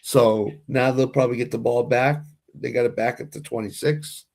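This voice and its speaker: A man's voice: medium pitch, steady tone, normal speed, creaky, a little mellow. A man with a Boston accent, co-hosting a casual sports watch-along, opinionated and often restarting his sentences. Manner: opinionated, repeats and restarts phrases. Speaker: co-host.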